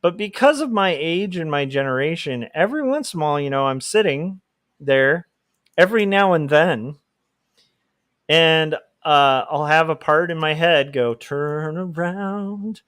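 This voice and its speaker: A man's voice: fairly high pitch, lively intonation, normal speed, fairly bright tone, dry recording, clean studio sound. A man chatting casually on a livestream while drawing, rambling and laughing often. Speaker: livestream host, comic artist.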